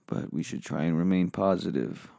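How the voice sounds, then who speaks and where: Gravelly, bitter, foul-mouthed man ranting. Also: deep voice, moderate pace, mellow, no echo, clean studio sound. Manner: bitter, weary, foul-mouthed, flaring into angry outbursts. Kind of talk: profane comedic rant monologue.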